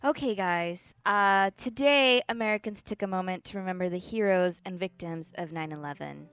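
A woman's voice: medium pitch, normal speed, fairly bright tone, smooth, dry recording. A woman presenting a news segment on a casual podcast, cheerful and giggly in chat, plain when reading.

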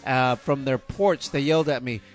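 A man's voice: mid-range voice, normal speed, faint music behind. A middle-aged man co-hosting a radio show, telling stories in a chatty way and often restarting his sentences. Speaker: radio co-host. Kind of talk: casual radio banter.

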